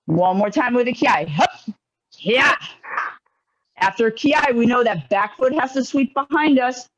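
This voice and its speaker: A man teaching a karate class online, giving brisk, encouraging commands. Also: extremely high pitch, animated. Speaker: karate instructor. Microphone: video call. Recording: lo-fi video call audio.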